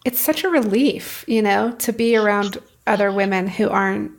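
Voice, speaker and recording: A woman's voice: mid-range voice, moderate pace, vocal fry. A woman hosting a podcast interview, answering her guest with short affirming interjections. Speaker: podcast host. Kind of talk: interview conversation.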